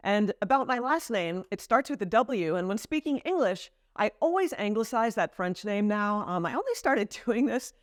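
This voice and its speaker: A chatty American woman talking straight to camera in a casual vlog, explaining things in a light, easy way. Her voice sits at an ordinary middle pitch. The sound is dry and close, with no room echo. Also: very animated, normal speed, few pauses. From United States. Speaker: vlogger. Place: home in France.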